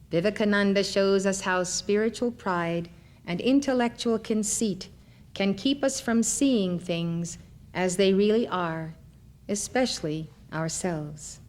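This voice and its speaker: A woman lecturer reading spiritual stories aloud in a measured, deliberate way. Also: mid-range voice, darkish tone.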